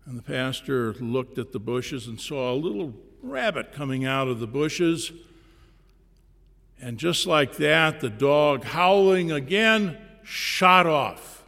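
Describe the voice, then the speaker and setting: Slow, gravelly preacher telling a story. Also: male voice, a little high, lively intonation, pushed and bright. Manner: slow, deliberate telling with pauses. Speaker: pastor. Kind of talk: sermon storytelling. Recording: long reverb in a large hall.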